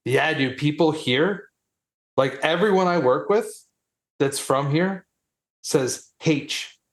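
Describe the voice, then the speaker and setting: A man's voice: fairly high pitch, takes it slowly. A man co-hosting a podcast in casual, laid-back banter, tossing in "dude.". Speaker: podcast co-host. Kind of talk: casual chat.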